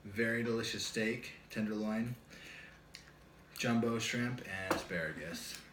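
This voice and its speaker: Man, casual mukbang co-host, slow, easygoing delivery, noisy echoey home room. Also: lowish voice, distant mic. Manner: easygoing, describing the food. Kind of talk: casual chat while eating. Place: home dining table indoors.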